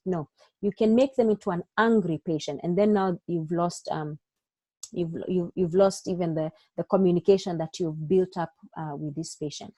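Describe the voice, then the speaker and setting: Mellow-voiced woman tutoring doctors. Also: lowish voice, normal speed, dry recording. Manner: instructive, checks in with frequent "okay?"; acts out doctor and patient lines in her own voice. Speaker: medical exam tutor. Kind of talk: online exam-prep lecture.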